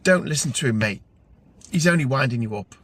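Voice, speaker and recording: A man's voice: medium pitch, animated, brisk, fairly bright tone. A man voicing a boisterous, cheeky male pub regular who mocks strangers. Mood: teasing. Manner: mocking, boisterous.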